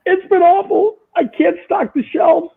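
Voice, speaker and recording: A man voicing a frazzled, weepy young woman cashier in a whiny falsetto. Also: steady tone, unhurried, creaky, heavily acted. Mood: distraught. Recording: tinny phone-like line.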